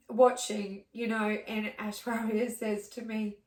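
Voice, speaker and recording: A middle-aged woman talks to camera in a casual personal vlog. She rambles warmly, with plenty of fillers and restarts. Her voice is mid-pitched and comes from a distance in an echoey room. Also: level tone, takes it slowly, hardly any pauses. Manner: rambling and heartfelt, many fillers. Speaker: vlogger.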